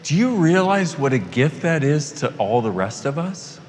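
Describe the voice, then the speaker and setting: Guy giving a workshop talk, super animated pitch, kinda playful, long reverb in a big hall. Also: normal speed, a little hiss or hum. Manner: animated, playful, swears casually. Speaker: workshop facilitator. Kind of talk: live motivational talk to an audience.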